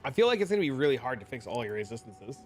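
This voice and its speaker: A man streaming a video game, rambling and thinking out loud as he talks through builds. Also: medium pitch, big pitch swings, rapid-fire, faint music behind. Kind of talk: casual gameplay commentary.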